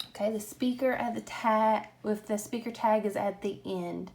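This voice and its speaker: A woman teaching a grammar lesson, explaining punctuation slowly and patiently. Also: mid-range voice, steady tone, vocal fry, darkish tone.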